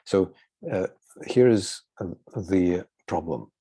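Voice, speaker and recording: A man with a Russian accent, native Russian speaker, giving a seminar lecture over a video call, halting with frequent pauses and fillers. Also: very deep voice, a little mellow, breathy edge, dry recording.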